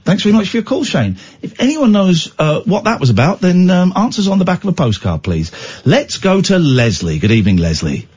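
A male radio host with a high, swooping voice that climbs sharply when he is incredulous. His tone is a little husky, and the sound is slightly dull, as if from broadcast audio. He teases and quizzes his callers. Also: sing-song, darkish tone. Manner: incredulous, teasing, quick to mock. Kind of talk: late-night radio phone-in chat.

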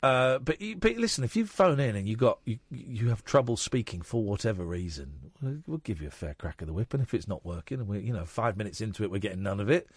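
A man's voice: lowish voice, animated, fast talker, hardly any pauses, breathy edge, no room sound, studio quality. A man hosting a late-night radio phone-in, chatty and jokey, talking frankly with callers.

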